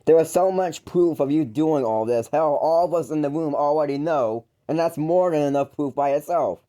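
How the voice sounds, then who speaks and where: A YouTuber rants into the camera to call out his older brother, sounding mocking and exasperated. His voice sits on the high side and is mellow, moving at a moderate pace. He rambles, stumbling and restarting often.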